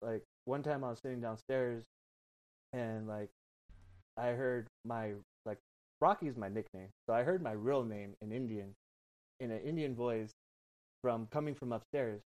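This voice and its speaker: A man's voice: mid-range voice, measured pace, pauses often, darkish tone, rough recording. Rambling, swearing young man telling a story. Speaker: podcast guest. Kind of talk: casual storytelling.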